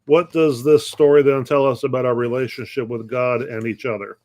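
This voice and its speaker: A man's voice: mid-range voice, steady tone, a little fast, a little mellow. A middle-aged man pastor teaching a conversational Bible lesson, posing questions and answering them, often restarting phrases. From United States.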